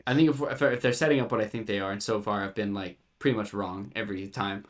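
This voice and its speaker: A man's voice: fairly low pitch, fast. A man in a casual podcast conversation who often breaks into impressions of the characters he describes. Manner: animated, acts out lines with voices. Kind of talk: casual chat.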